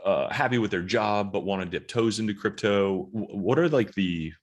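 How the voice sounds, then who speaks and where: A man's voice: on the low side, normal speed. A man hosting a podcast interview, asking questions in a loose, rambling way. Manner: easygoing, rambling, frequent likes. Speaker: podcast host.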